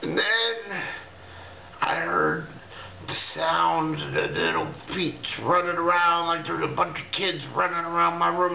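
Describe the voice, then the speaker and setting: A man telling a dramatic story in the first person, slow and halting, with a fearful edge and folksy grammar. His voice sits high with a gravelly fry and drags along at an unhurried pace. The sound is dull and lo-fi, with the echo of a bare room and faint noise behind it. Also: expressive.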